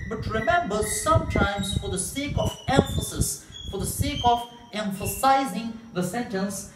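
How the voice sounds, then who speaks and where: A man with an Indian English accent gives a grammar lesson, explaining slowly and repeating example sentences with emphasis. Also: sits high, distant mic. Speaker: English teacher. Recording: echoey room, mic set back, faint hiss.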